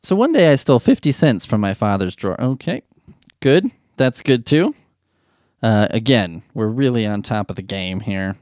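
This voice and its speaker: A man reading a sentimental story aloud and mocking it with sarcastic, deadpan asides. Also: fairly low pitch, normal speed, no room sound, studio quality. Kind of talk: mocking commentary over a read-aloud story.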